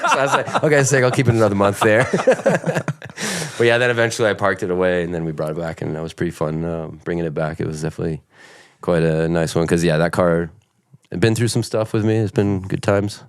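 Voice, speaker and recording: A young man from Germany chats as a podcast guest in a fairly low voice. His stories ramble and are full of swearing. He laughs often as he talks. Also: brisk. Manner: rambling and profane, with frequent laughter. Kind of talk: casual chat.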